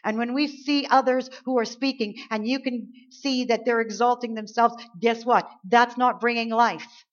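A woman preaching a sermon, dropping to soft, low lines and then rising into loud, drawn-out emphasis. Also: fairly even intonation, dull audio.

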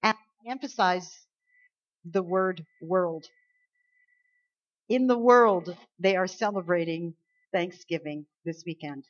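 A woman's voice: on the low side, steady tone, a little slow. A woman pastor from Canada preaching a sermon, emphatic and full of rhetorical questions. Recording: slightly dull lo-fi sound.

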